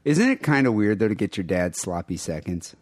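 A man's voice: fairly low pitch, brisk, dry recording. A man co-hosting a podcast in casual comedic chat, rambling with restarts. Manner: rambling, hesitant restarts, animated storytelling. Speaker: podcast co-host.

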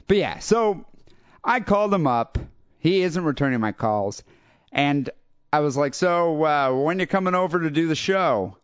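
A young adult man hosting a podcast, telling a rambling story in a casual, animated way and acting out other people's lines. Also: fairly high pitch, dry recording. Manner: animated, quotes people in raised voices. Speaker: podcast host. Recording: dull lo-fi dry podcast audio.

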